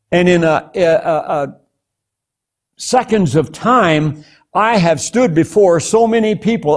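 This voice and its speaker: Earnest older man telling a testimony. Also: fairly high pitch. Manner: earnest storytelling, stumbles and repeats words. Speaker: guest preacher. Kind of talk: testimony in a talk show interview.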